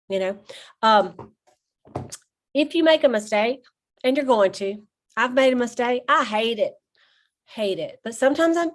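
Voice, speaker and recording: Chatty woman telling stories. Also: fairly high pitch. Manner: chatty storyteller, addresses listeners as y'all, laughs often. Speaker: sales team leader. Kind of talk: casual talk on a team call.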